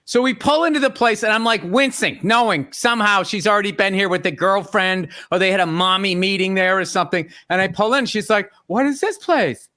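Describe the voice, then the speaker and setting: A man's voice: high voice, a little fast, few pauses, bright, forceful tone. A middle-aged man hosting a podcast, telling an exasperated, profane comic story about his wife. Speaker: podcast host. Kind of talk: comedic storytelling rant.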